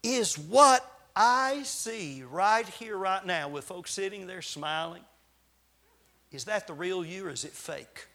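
A visiting male preacher delivers his sermon in a high, bright, ringing voice. He swings between loud, insistent appeals and soft, hushed asides. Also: takes it slowly. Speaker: traveling preacher.

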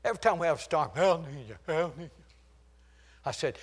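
An older preacher whose somewhat high voice rises into ringing shouts, then sinks to a near whisper as he tells a story. He laughs at his own jokes and drives each point home with repetition. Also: lively intonation, a little fast, slightly rough. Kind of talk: sermon.

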